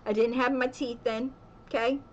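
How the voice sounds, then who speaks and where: A woman's voice: on the high side, fairly even intonation, moderate pace, highs cut off, a little hiss or hum. A young woman telling a story in a casual vlog at home, chatty and laughing often, with "okay" again and again. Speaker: vlogger.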